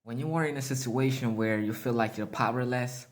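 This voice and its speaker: A man's voice: mid-range voice, fairly quick. A man giving a freewheeling motivational monologue, emphatic and full of profane slang, laughing at himself now and then. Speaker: motivational speaker.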